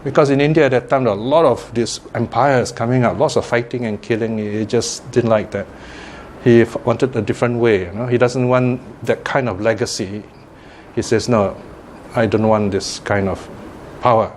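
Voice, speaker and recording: A man's voice: medium pitch, steady tone, moderate pace, a little mellow, slight background noise. A man, a Buddhist teacher giving a chatty Dharma talk, laughing often and tossing in asides. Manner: chatty, laughs often, lots of "you know".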